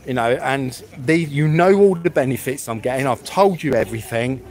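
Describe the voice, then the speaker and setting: A man's voice: medium pitch, moderate pace, darkish tone. A man live-streaming from a public street, talking bluntly and swearing as he rambles through a rant.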